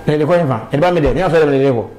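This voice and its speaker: A man's voice: a little high, racing, darkish tone, slight background noise, rough recording. A man talking animatedly in a casual street interview, with emphatic bursts and sudden exclamations.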